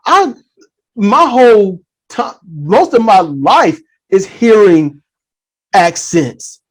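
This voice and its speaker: Animated, profane man telling stories. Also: high voice, drawn-out words. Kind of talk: casual chat.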